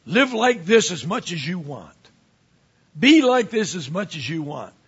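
Husky-voiced preacher man, high and animated. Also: measured pace, muffled recording. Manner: animated preaching, swings from quiet asides to emphatic rises. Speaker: pastor. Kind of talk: sermon.

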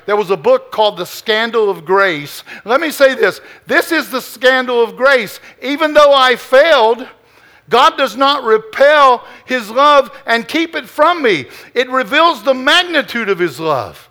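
Male preacher, high and bright, slow emphatic sermon cadence.

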